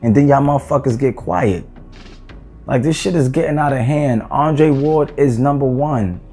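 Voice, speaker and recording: A man's voice: mid-range voice, normal speed, warm tone, faint music behind. A man ranting heatedly about boxing rankings in a vlog, cursing and exasperated, with rhetorical questions. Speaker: boxing commentator.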